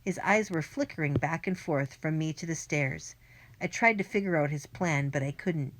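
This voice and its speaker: A woman narrating a children's adventure book in the first person, briskly and plainly. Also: sits low. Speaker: audiobook narrator.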